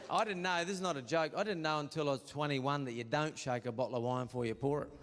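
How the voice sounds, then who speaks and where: A man's voice: fairly high pitch, fast talker, background noise. A man with an Australian accent performing a crude, storytelling stand-up comedy set on stage, recorded live. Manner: brash, crude, storytelling with acted quotes. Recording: live show with roomy reverb and audience laughter.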